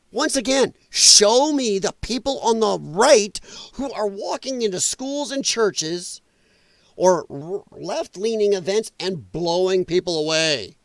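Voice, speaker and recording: A man's voice: sits high, dry recording. A man hosting a podcast, delivering a heated, profane political rant in an emphatic, exasperated way. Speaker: podcast host.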